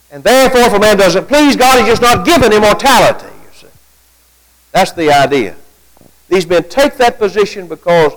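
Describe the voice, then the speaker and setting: A man delivers a sermon to his congregation in a high-pitched voice. His delivery is very animated, with wide swings of pitch as he poses rhetorical questions. He reads quotations aloud and then answers them. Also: rough recording. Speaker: preacher. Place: church gathering at night.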